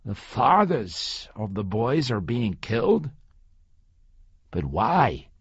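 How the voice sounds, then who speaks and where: Man doing gruff suspicious white-haired american father, husky voice, dry muffled recording. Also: medium pitch, big pitch swings, slow pace, no room sound, exaggerated voice.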